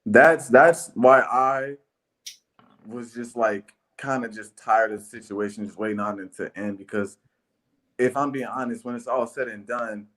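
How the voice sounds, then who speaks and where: A man's voice: medium pitch, fairly even intonation, measured pace, fairly bright tone. A young man speaking in a laid-back, hesitant way on a call-in show, filling his talk with "like". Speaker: guest caller. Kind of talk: casual conversation.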